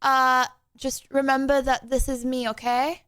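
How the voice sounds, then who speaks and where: High-voiced flustered young woman streamer. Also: little pitch movement, unhurried, a bit bright, smooth. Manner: flustered, exclaiming, laughing through tech trouble. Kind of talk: casual live-stream chat.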